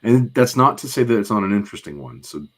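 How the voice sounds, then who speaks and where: Guy with a really deep voice chatting on a podcast, rambly, lots of ums. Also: big pitch swings, fast talker. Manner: detailed, rambling recap with many fillers. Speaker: podcast co-host. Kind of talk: casual podcast chat recapping a cartoon.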